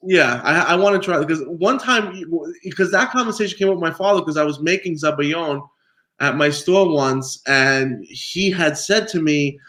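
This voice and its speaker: A man from New York, a guest pizzaiolo, telling stories in a relaxed interview and laughing often. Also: fairly high pitch, moderate pace. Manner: animated storyteller, laughs often. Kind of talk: casual interview chat.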